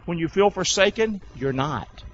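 A male preacher, leading a sermon with call-and-response and swinging from loud exclamations to hushed asides in a folksy way. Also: high voice, expressive, normal speed. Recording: dull lo-fi sound.

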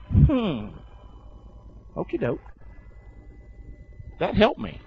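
Animated preacher man, dull lo-fi sound. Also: high voice, unhurried, pauses often. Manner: call-and-response with the congregation; folksy and animated, swinging from loud to hushed. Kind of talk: sermon.

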